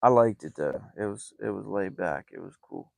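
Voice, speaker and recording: A rambling, amused man who drifts from story to story and laughs often. His voice sits on the low side, recorded close and dry with no room sound. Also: moderate pace, vocal fry, dry recording. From West Virginia and Ohio. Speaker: fishing vlogger. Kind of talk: casual storytelling.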